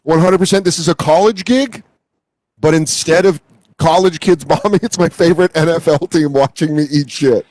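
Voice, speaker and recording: A man's voice: fairly high pitch, normal speed, darkish tone, no room sound. A man in his thirties chatting casually as a comedian co-host, acting out scenes in swooping voices.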